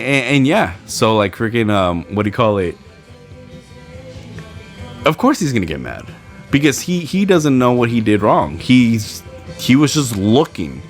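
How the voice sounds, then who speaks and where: A man hosting a solo podcast, telling a story in casual chat and acting out the people he quotes. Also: lowish voice. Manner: animated storytelling, acts out quoted people in raised voices. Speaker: podcast host.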